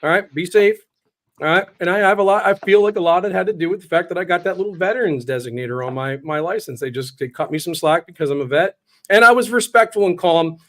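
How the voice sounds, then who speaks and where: A man's voice: high voice, quick pace, fairly bright tone. A man hosting a talk show, telling stories in a blunt, joking way. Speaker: show host. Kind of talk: casual chat.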